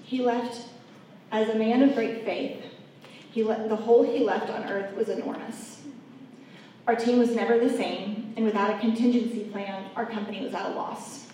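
A woman shares a personal faith testimony, speaking earnestly and from the heart directly to her audience. Her voice is medium-pitched with a darkish tone, recorded in an echoey room from a distant mic with faint background noise.

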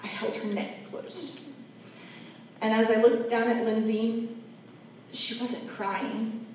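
A woman's voice: a little high, flat delivery, slow pace, darkish tone. A woman giving an earnest, heartfelt faith testimony, talking straight to her audience. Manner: earnest heartfelt storytelling, addresses audience directly. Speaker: speaker sharing a personal testimony. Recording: echoey room, mic at a distance, faint background noise.

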